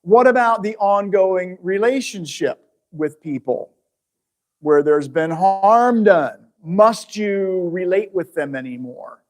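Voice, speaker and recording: A man teaching from the Bible in a relaxed, conversational way, speaking to people watching at home. His voice sits a little higher than most men's. He poses questions to his listeners and often breaks off to rephrase mid-sentence. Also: slow. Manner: chatty, asks the audience questions, restarts mid-phrase.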